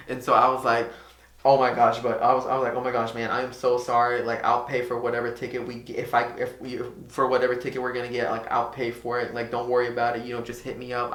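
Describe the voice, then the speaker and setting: A man's voice: medium pitch, sharp tone. A young man telling a rambling story in a casual vlog, acting out his own and others' lines. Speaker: vlogger. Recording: echoey room.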